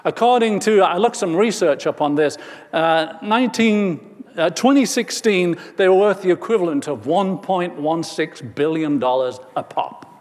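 A man's voice: high-pitched, moderate pace, big-room sound. A man preaching a sermon, telling a personal story and rising to emphatic preaching.

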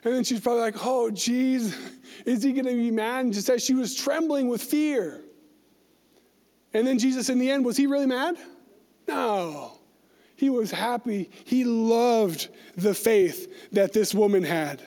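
A very high-pitched man teaches a Bible lesson in a casual, talky way, checking in with "right?" and slipping into the voices of the people he describes. His voice carries a long reverb from a large hall. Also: lively intonation, unhurried, darkish tone. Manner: conversational, acts out quoted voices, asks "right?".

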